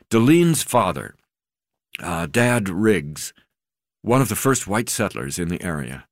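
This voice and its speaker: A man's voice: low voice, sing-song, measured pace, no room sound, clean studio sound. A man narrating a memoir in the first person, hesitant, with frequent filler sounds and restarts.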